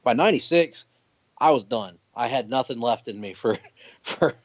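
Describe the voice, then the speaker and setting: A man chatting casually on a podcast, an animated storyteller who laughs often and keeps restarting his sentences. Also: medium pitch, normal speed, dry recording. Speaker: podcast guest. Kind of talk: casual chat. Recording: dry muffled podcast audio.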